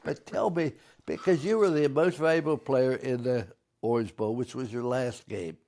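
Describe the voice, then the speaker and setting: An older man hosts a podcast interview, a veteran coach telling stories to his guest. He speaks at a middle pitch and now and then speeds up into animated bursts. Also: normal speed. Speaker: show host, football coach.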